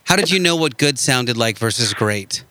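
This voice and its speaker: A man's voice: mid-range voice, expressive, moderate pace, sharp tone. A man hosting a podcast, chatting casually and asking his guest one follow-up question after another. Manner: inquisitive, keeps asking follow-ups. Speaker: podcast host. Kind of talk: casual interview chat.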